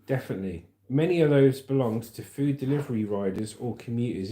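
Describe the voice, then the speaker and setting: A man with a southern English accent reads news stories aloud and keeps breaking off to chat casually with his viewers. His voice sits at a middle pitch. The sound carries the echo of a roomy space. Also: a little fast, few pauses, dark tone. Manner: casual, chatty asides, calls viewers mate. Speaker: livestream host.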